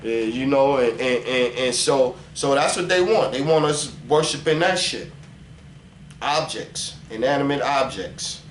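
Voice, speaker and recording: A man preaches straight to the camera, animated and profane. He slows right down to read scripture aloud. The room rings with a roomy echo over a faint hum of ambience. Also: mid-range voice. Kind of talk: casual religious vlog monologue.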